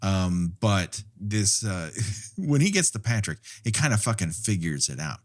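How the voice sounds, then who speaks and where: A man with a low voice that swings widely in pitch, talking casually on a podcast about a film. He goes off on rambling asides, swears freely and laughs often. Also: very animated, a little slow. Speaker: podcast co-host.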